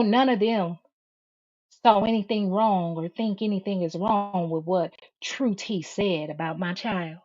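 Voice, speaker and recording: A woman's voice: medium pitch, darkish tone, muffled recording. A woman hosting a live stream, reading viewer comments and firing back at critics in a confrontational way, calling her listeners "baby" over and over.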